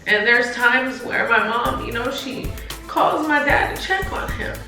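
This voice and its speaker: A woman co-hosting a channel, talking about a painful family topic in a halting, tearful way, often repeating words and addressing viewers directly. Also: fairly high pitch, bright, forceful tone, very echoey, distant mic, faint music behind. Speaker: co-host. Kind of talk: emotional personal talk to viewers.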